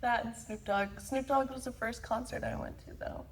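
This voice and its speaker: A woman's voice: a little high, steady tone, normal speed, slight background noise. A young woman chatting casually with her father, teasing and talkative. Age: young adult. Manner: chatty and teasing, often laughs. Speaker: co-host and daughter. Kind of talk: casual chat.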